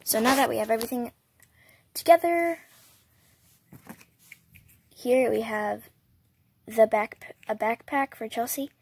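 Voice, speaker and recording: A woman hosting a toy unboxing, explaining each piece softly and step by step. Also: fairly high pitch, a little hiss or hum. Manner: soft, unhurried, explaining step by step. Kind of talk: toy unboxing and doll play narration.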